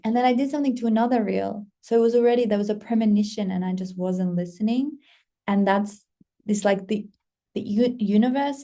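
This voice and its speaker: A young woman casually telling a vlog story about her own life, lively, with some swearing and acted-out quotes of her past excitement. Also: mid-range voice. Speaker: content creator.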